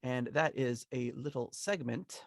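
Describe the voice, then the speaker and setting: A man's voice: mid-range voice, measured pace, a little hiss or hum. Rambling male podcast co-host. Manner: rambling, many restarts and laughs. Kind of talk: casual podcast chat.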